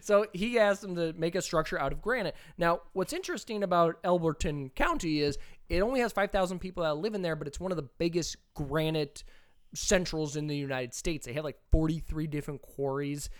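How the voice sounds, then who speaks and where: A man co-hosting a podcast, telling a story in casual chat with animated, emphatic delivery. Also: on the high side, brisk. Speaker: podcast co-host.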